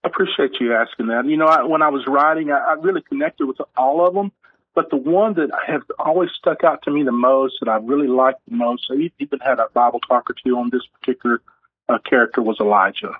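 A man's voice: mid-range voice, fast, husky, dry recording. A man, an author being interviewed, talking earnestly and telling stories. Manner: earnest, storytelling, acts out quotes. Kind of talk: conversational interview. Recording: tinny phone-line audio.

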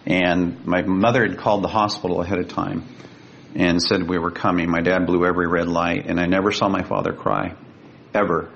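A man with a gravelly voice, a guest telling a personal story in an earnest, vivid way. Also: level tone, fairly quick, a bit bright. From Sacramento, California. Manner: earnest, vivid, emotional retelling. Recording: dull lo-fi with faint rumble.

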